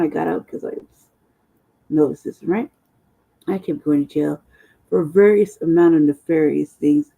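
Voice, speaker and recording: A woman's voice: low voice, gravelly, mellow, husky, low-quality recording. A woman host telling a long personal story in casual, profane, rambling talk, often checking in with "right?". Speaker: channel host.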